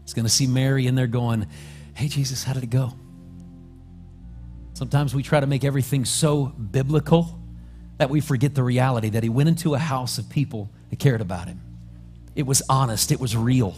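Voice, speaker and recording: Male pastor, mid-range voice, storytelling sermon in a church, soft music bed. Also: mid-range voice, a little fast. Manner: storytelling, acting out scenes. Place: church sanctuary.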